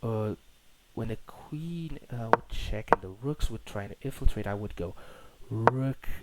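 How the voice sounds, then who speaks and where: Young guy rambling over his chess game, lowish voice, swears a bit, cheap noisy mic. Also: unhurried. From Portugal. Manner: rambling, self-correcting, slangy and profane. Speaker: chess player reviewing his own game. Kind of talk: casual game commentary. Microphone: poor-quality microphone. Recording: cheap mic with loud noise.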